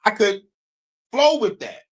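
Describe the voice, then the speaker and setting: A man's voice: high voice, very animated, a little slow. A man hosting a livestream in a rambling, profane, casual monologue, often breaking into laughs. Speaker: streamer host.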